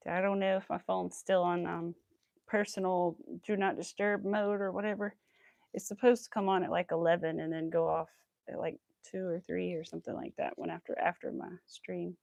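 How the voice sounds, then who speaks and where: A young woman with a light Southern accent chats away while she crochets on a livestream. She rambles from one thing to the next and laughs a lot. Her voice has a gravelly fry, and the sound is close and dry. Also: fairly low pitch, level tone, normal speed, a little mellow, no room sound. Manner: chatty, rambling, laughs often, talks to her dog.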